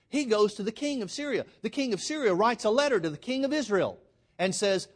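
A man with a high, expressive voice preaches a sermon at a fairly quick pace. He tells a story with emphatic delivery, calling the congregation "folks."

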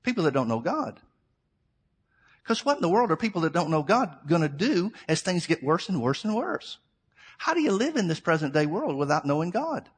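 Middle-aged guy preaching, slightly high voice, chatty sermon w/ lots of rhetorical questions. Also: husky. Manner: conversational preaching, asks rhetorical questions and addresses "folks".

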